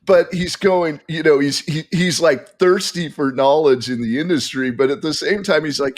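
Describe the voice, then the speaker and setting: A man as a podcast guest, telling a story in animated casual chat with frequent restarts. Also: on the high side, moderate pace, hardly any pauses.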